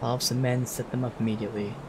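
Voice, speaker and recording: A man streaming a game, commenting casually and thinking aloud with sudden bursts of excitement. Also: medium pitch, quick pace, background noise.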